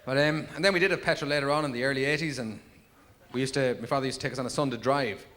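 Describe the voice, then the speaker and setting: An Irish man in his thirties doing live stand-up, telling rambling stories in a deadpan way with sudden high yelps. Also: racing. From Ireland. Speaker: stand-up comedian. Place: packed theatre with laughing audience. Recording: 1990s VHS tape with audible noise.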